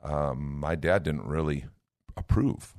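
A man with a low, deep voice teaches from the Bible in a relaxed, conversational tone. He is a middle-aged minister with an earnest delivery who brightens into playful voices when imitating people. The sound is dry and close, with no room around it. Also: takes it slowly, no echo. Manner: earnest, lifts his voice to act out everyday speech.

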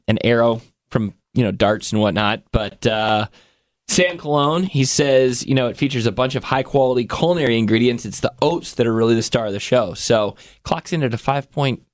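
A man co-hosting a casual podcast, chatting in an easygoing way. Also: mid-range voice. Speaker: podcast co-host. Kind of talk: casual chat.

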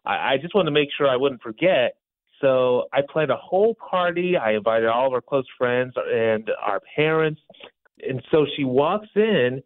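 A man calls in on a tinny phone line and tells his story in an animated way. His pitch swings widely, and he stumbles on restarts as he goes. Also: moderate pace. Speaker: caller. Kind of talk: phone-in conversation.

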